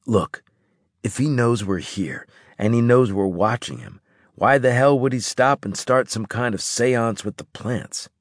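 A man's voice: medium pitch, lively intonation, unhurried, no room sound, clean studio sound. A man voicing a wary, sardonic male squad specialist in an audiobook.

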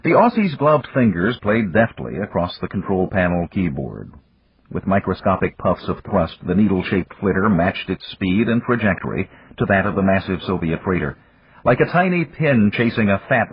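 A male audiobook narrator reads in a measured, dramatic style with a very deep, husky voice. His pitch moves a lot as he tells the story. The recording is dry and somewhat dull. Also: sing-song, no echo. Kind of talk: scripted narration.

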